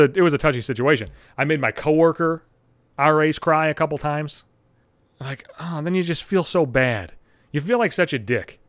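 A young adult man telling stories in a blunt, profane, animated podcast rant. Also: medium pitch, dry recording. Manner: blunt, heavy swearing, animated. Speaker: podcast host.

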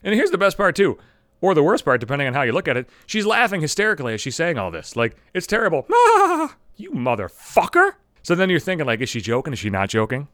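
A man's voice: fairly high pitch, very animated, fast, fairly bright tone, no echo, clean studio sound. A man hosting his own podcast, ranting in a casual comedic monologue, profane and self-mocking. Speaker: podcast host.

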